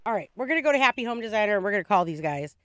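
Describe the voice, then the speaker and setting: A woman streaming a video game, chatting casually in an excitable, rambling way with frequent restarts. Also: medium pitch, very fast. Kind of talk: casual game livestream chat.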